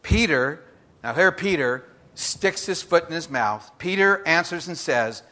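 Man preaching with loud and hushed swings. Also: a little high, measured pace. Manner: lively, with dramatic swings between loud emphasis and hushed confession. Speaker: pastor. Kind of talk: sermon.

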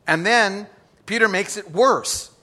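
A middle-aged man preaching a sermon to a congregation, reading scripture aloud and swinging between loud emphasis and quiet, hushed confession. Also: sits high, takes it slowly. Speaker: pastor.

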